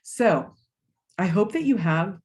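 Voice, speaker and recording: A woman's voice: medium pitch, expressive, slow pace, darkish tone. A middle-aged woman life coach giving a motivational master class, emphatic and encouraging, with the odd casual swear word.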